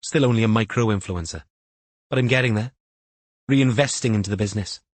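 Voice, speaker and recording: A man voicing an odd, guarded young woman influencer in an audiobook, with flat, sarcastic delivery. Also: on the low side, a little fast, no room sound, natural voice. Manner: flat sing-song sarcasm.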